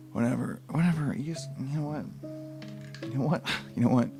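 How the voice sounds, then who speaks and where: A man's voice: mid-range voice, normal speed, music in the background. A man live-streaming a book reading, breaking off into rambling, profane, incredulous asides.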